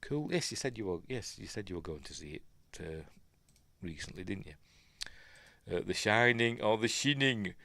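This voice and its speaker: A man's voice: low voice, lively intonation, moderate pace, creaky, pauses often, a bit bright. A middle-aged man with a Yorkshire accent, rambling casually through a film commentary with asides. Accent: Yorkshire English. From Yorkshire, England. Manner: chatty, rambling, self-deprecating asides. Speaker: film review host.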